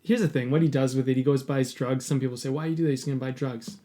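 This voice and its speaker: A man's voice: mid-range voice, fairly even intonation, quick pace, warm tone. A man hosting a podcast, telling a personal story in an earnest, candid way and swearing casually. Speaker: podcast host.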